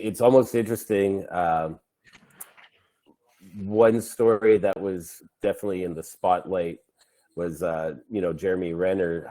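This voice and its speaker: A man with a very deep, dark voice moderates a panel talk. He speaks hesitantly and fills his pauses with ums and uhs. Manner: hesitant, many fillers.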